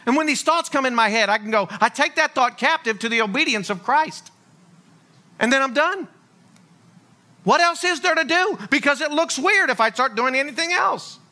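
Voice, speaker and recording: A man preaching a sermon, telling stories with energy and acting out the voices of the people in them. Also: very high voice. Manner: lively storytelling, acting out voices of figures. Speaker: pastor.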